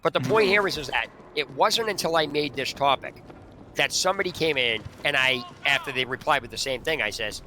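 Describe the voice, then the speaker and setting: A man's voice: medium pitch, animated, a little fast. Guy ranting at his game, voice jumps all over, gunfire and noise behind him. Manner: rambling, indignant, swears a lot, many restarts. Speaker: gaming streamer. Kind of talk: ranting commentary over gameplay. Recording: noisy game audio behind. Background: gunfire and game sounds.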